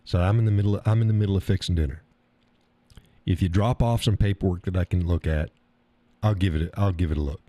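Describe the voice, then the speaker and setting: A man's voice: low-pitched, quick pace, mellow, no room sound. A middle-aged American man hosting a live stream, ranting casually in a profane, rambling way and mocking other people's words. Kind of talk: casual storytelling rant.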